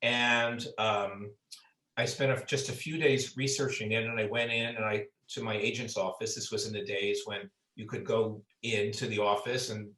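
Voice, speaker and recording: A man's voice: lowish voice, little pitch movement, normal speed, pushed and bright. A man, an author, chatting about his book with lots of fillers and restarts, heard over a video call. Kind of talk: conversational book talk. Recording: roomy sound, far from mic.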